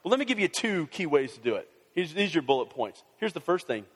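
A man preaching a sermon on marriage conflict, animated and sarcastic at times, reading scripture aloud. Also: fairly high pitch, fast talker, slightly rough, long reverb tail. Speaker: pastor.

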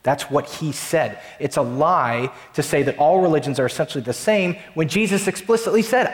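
A pastor preaching a sermon to his congregation, emphatic and slowing down to stress key lines. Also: a little high, expressive, echoey room, big-room sound.

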